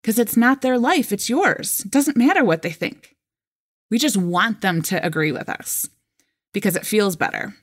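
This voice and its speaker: Chatty woman coach, animated quoted voices. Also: mid-range voice, normal speed. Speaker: life coach and podcast host. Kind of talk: casual solo podcast talk.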